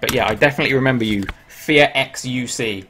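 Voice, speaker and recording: An Englishman hosting a live stream, talking in a loose, chatty way at an ordinary middle pitch. He answers viewers' questions aloud as he goes and laughs easily at himself. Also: quick pace, pushed and bright, a little hiss or hum. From England. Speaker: livestream host. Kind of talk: casual live-stream chat.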